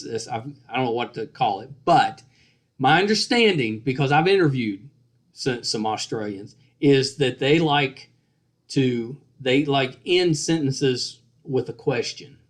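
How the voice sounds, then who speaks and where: A man's voice: medium pitch, measured pace. A man hosting a podcast interview on a call, joking and rambling with frequent restarts and self-deprecating asides. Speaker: podcast host. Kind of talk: casual interview chat.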